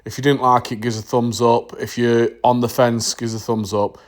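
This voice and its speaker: A man's voice: medium pitch, flat delivery, brisk. A middle-aged man, chatting casually to camera on his model railway vlog, jokey and in mock outrage, dropping "the" from his sentences.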